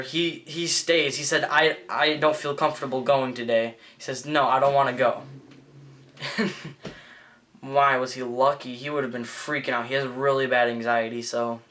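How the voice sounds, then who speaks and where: A teenage boy vlogger telling a story in a rambling, excitable way, full of fillers and restarts. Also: mid-range voice. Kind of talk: casual storytelling vlog.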